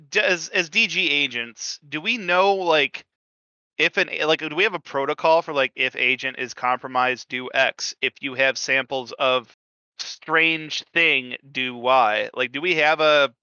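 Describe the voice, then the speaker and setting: A man's voice: on the high side, unhurried, pushed and bright, clear, resonant tone, dry recording, dull audio. A man playing in a tabletop horror game, asking hesitant questions full of fillers. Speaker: player. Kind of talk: casual tabletop role-play.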